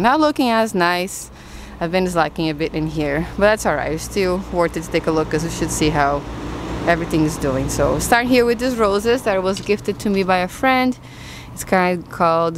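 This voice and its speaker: Woman rambling thru her backyard garden tour, lowish voice, some faint hum outside. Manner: chatty, thinks aloud with restarts, addresses viewers. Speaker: gardening vlogger. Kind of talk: casual garden tour chat.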